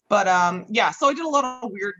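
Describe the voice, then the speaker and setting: A woman's voice: medium pitch, pushed and bright, poor audio. A woman chatting casually as a podcast guest, laughing often and swearing freely. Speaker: guest grower.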